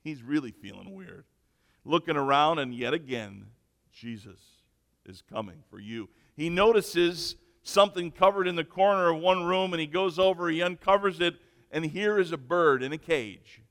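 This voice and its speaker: A man preaching a sermon, slow and emphatic, moving between loud declarations and near-whispers. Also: on the high side. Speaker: pastor. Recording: echoey hall.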